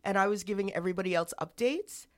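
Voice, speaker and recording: A woman with a mid-range voice talks fast as she co-hosts a casual podcast chat. She tells a story in a rambling, candid way, restarting often.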